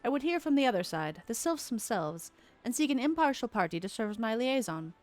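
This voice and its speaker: A woman's voice: fairly high pitch, sing-song, a little fast, pitched above the performer's own voice. A woman voicing a stern military commander in a game, reading formal, old-fashioned lines. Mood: grave.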